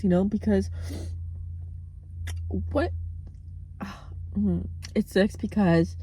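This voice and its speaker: A young woman from the States records a personal video diary in her parked car. Her voice is mellow and slightly husky, sitting low for a woman. She speaks candidly and swears without holding back. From United States. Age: young adult. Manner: candid, outspoken, swears freely. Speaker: vlogger.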